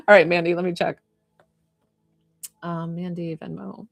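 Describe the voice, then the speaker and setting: A woman spiritual healer talking softly and soothingly on a live stream, gushing thanks to viewers and saying "like" a lot. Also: lowish voice, takes it slowly, creaky, long pauses, no room sound, studio quality. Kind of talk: live-stream healing session.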